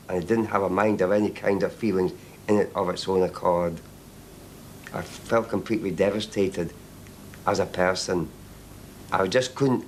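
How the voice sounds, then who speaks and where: A man giving a halting archival interview, often repeating and restarting his words. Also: sits low, a little hiss or hum, low-quality recording.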